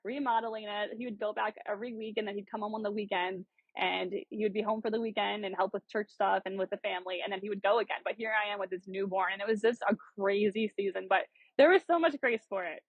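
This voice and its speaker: This South Dakota woman in her thirties talks fast with few pauses, her medium-pitched voice bubbly and lively as she laughs often and drops "like" again and again. She's a podcast guest sharing her story in a relaxed interview, heard over phone-quality audio with no room sound.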